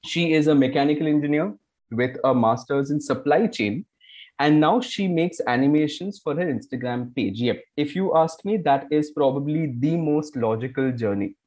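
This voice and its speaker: A man's voice: fairly high pitch, normal speed, darkish tone. Playful Indian podcast host, man. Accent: Indian English. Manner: joking, playful, chatty. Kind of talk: casual interview chat.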